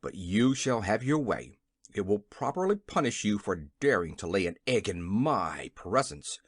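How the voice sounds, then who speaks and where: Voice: low voice, very animated, normal speed, slightly rough, no room sound, clean studio sound, pitched below the performer's own voice, exaggerated voice. An audiobook reader voicing a small, blustering gnome king who growls and is easily frightened. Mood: growling.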